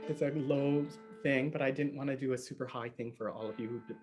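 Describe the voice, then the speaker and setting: A man's voice: mid-range voice, fairly even intonation, brisk, darkish tone, soft background music. A man teaching a harp and singing workshop online over a video call, chatty and friendly, laughing often and counting in. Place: home room on a live video stream.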